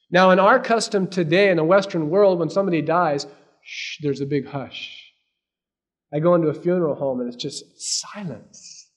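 A male preacher delivering a sermon with a slightly raised pitch. He surges into loud, emphatic lines, then drops to near-whispered asides. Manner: dynamic preaching, swinging between loud emphasis and hushed asides. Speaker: pastor.

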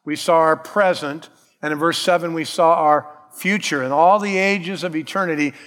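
A man delivers a sermon with an insistent, emphatic preaching style. His voice sits a little higher than most men's. The sound carries the long reverb of a large church hall. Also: fairly even intonation, normal speed, a bit bright. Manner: emphatic preaching, calls out "Amen?", acts out quoted voices. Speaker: pastor.

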